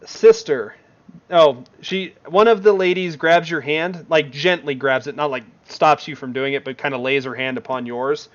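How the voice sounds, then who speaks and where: A man's voice: on the high side, steady tone, normal speed, few pauses, a bit bright, muffled recording. A man narrating as game master in a tabletop game, rambling with many fillers.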